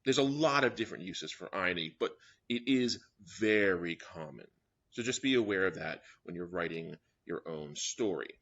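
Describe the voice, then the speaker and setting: A man with a lowish, bright voice lectures a young writers' class, walking through each point and checking in with "all right?" after each one. The recording sounds dull and lo-fi. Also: lively intonation, moderate pace. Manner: explains step by step, often checking in with "all right?". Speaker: writing workshop teacher.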